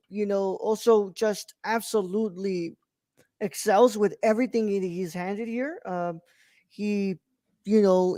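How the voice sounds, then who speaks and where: A man's voice: high voice, a little mellow, dry recording. A man hosting a casual film review podcast, rambling with many fillers and restarts, recorded close and dry. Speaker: podcast host.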